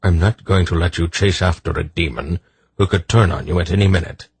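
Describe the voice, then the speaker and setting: A man voicing a stern old male sorcerer in an audiobook, firm and measured. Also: low voice, vocal fry, husky, dry recording, full character voice.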